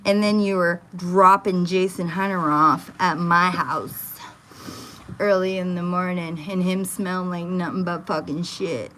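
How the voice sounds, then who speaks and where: A woman's voice: fairly low pitch, fairly even intonation, measured pace, noisy background. A woman talking on a phone livestream from her home kitchen, swearing often and ranting in a heated, agitated way. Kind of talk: casual livestream chat.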